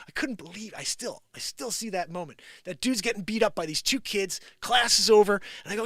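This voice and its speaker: A middle-aged man with a New Jersey accent telling personal stories on a live stream, swinging between loud, animated bursts and hushed reflection. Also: high voice, brisk, few pauses, dry recording, clean studio sound. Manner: animated storytelling, acts out quoted voices, swings from loud to hushed. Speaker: live show host. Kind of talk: casual livestream monologue.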